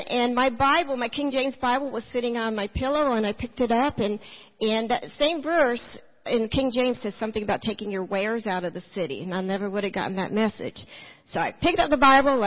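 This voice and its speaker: Animated woman telling her church testimony. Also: fairly high pitch. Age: middle-aged. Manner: animated storytelling with frequent laughs and acted quotes. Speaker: guest speaker giving a testimony. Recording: muffled lo-fi church recording.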